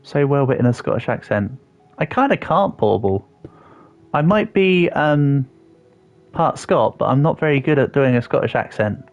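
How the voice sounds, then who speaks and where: A man's voice: mid-range voice, animated, normal speed. Chatty self-deprecating young male streamer. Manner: chatty, self-deprecating, answers viewers aloud. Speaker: livestreamer. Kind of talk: casual gaming livestream chat. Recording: slightly dull audio with faint background music.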